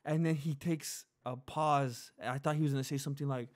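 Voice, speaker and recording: A man on a casual podcast telling a long story, voice rising high whenever he quotes someone. He laughs as he goes and keeps the energy lively, with a slightly high pitch. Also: fairly quick. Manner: laughs often while telling. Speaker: podcast co-host.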